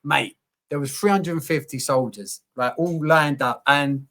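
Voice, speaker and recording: A man telling his story in a candid conversation, open and animated, full of slang and the odd swear. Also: on the high side, a little slow. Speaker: podcast guest, coach.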